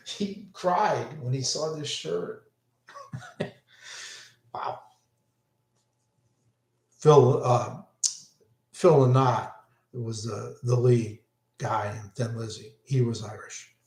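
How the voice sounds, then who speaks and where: Slow rambling older man, echoey room. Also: mid-range voice, darkish tone. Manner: rambling, self-interrupting, enthusiastic. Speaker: vlogger recalling concerts. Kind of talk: casual rambling monologue.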